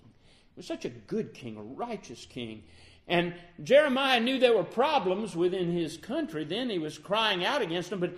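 Lively, high-pitched male preacher. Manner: dramatic, rising and falling delivery. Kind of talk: sermon.

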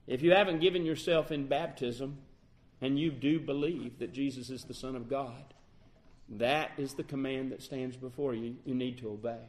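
A man preaching a sermon, swinging between loud, high exclamations and slow, soft passages, stretching out key words. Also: steady tone.

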